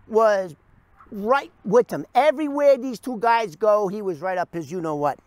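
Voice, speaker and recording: A man's voice: very high-pitched, lively intonation, normal speed, dry recording. A middle-aged man telling a story in a casual way to camera, acting out the quoted voices with animation.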